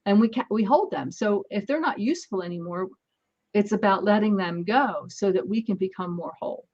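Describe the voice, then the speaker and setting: A woman spins parenting anecdotes in a relaxed interview. She jumps into the voices of the people in her stories. The sound is a bit dull and muffled. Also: mid-range voice, brisk. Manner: animated anecdotes, acts out dialogue. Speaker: guest, energy healer. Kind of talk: casual storytelling in an interview.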